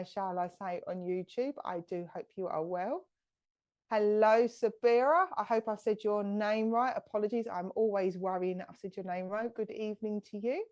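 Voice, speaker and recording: A woman, a medium hosting a live stream, chatting brightly and greeting viewers by name. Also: mid-range voice, muffled recording.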